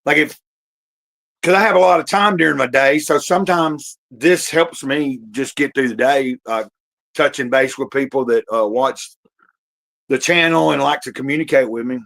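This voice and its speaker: A man's voice: mid-range voice, moderate pace, creaky, fairly bright tone, low-quality recording. A man hosting a casual livestream from home, rambling and restarting his sentences, with many fillers and the odd cough. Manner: talks while eating, occasional coughs. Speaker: livestream host.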